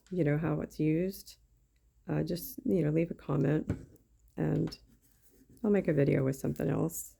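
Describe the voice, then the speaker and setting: A woman's voice: low voice, creaky, mellow. A woman chatting casually as she crafts on camera, thinking aloud with lots of fillers. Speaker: craft YouTuber. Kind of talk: casual craft-along chat.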